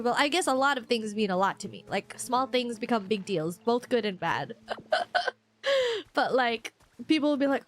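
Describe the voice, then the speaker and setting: A young woman streamer chatting casually while gaming, rambling and openly emotional, with many fillers and restarts. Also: mid-range voice. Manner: openly emotional, quick to gush. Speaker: live streamer.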